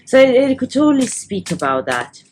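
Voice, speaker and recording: A woman's voice: sits high, very animated, moderate pace, a little mellow, a little hiss or hum, low-quality recording. A woman giving a tarot reading to camera, her voice emotional and teary as she nears crying. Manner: tearful, overcome with emotion. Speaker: tarot reader.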